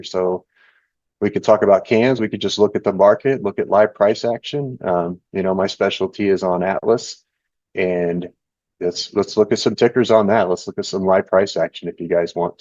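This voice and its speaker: A man's voice: lowish voice, dry recording. A young man hosting a live trading stream from home, chatting casually and rambling as he reads the chat and looks over charts. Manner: relaxed and rambling, reading chat and charts aloud. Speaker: live trading show host. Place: home indoors. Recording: dull, dry lo-fi stream audio.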